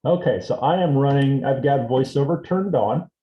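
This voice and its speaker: A man teaching a seminar on assistive technology, explaining a device demonstration step by step in a relaxed way. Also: mid-range voice, moderate pace, muffled recording, noisy background. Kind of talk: instructional demonstration. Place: indoor seminar room. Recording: roomy echo.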